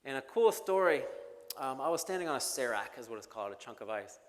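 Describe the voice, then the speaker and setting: A man's voice: mid-range voice, very animated, fast talker. A young man giving a keynote speech, telling a gripping, humorous story with jokes. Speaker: keynote speaker. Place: large banquet hall. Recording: hall reverb with faint music.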